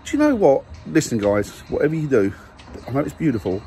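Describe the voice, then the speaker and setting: A man's voice: mid-range voice, big pitch swings, quick pace, dark tone, soft background music. A man vlogging casually in his garden, jokey and self-mocking about his family. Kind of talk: casual family vlog chat. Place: garden outdoors.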